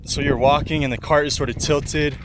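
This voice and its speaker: A man's voice: a little high, fairly even intonation, a little fast. A man talking casually in an upbeat, reflective way while on a long walk outdoors. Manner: earnest, upbeat and reflective, with small laughs. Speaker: long-distance walker vlogging his journey. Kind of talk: casual vlog monologue. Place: outdoors by a roadside. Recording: outdoor recording with loud wind noise.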